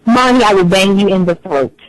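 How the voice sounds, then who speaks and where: A woman's voice: medium pitch, brisk, no echo. A woman calling into a radio show, teasing the host in a playful way, heard over a noisy phone line. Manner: playful, teasing, laughs often. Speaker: caller.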